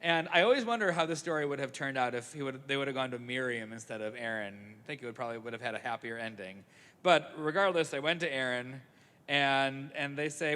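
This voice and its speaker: Man, storytelling to a congregation, playful, bright voice, echoey sanctuary. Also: medium pitch, brisk. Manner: playful, jokey asides. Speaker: service leader. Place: synagogue sanctuary. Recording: echoey sanctuary, live broadcast.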